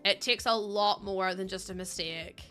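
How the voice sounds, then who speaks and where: With music behind her, a young woman streams a game and chats in a loose, rambling way, giggling frequently. She speaks at a moderate pace in a medium pitch, her tone bright and forceful.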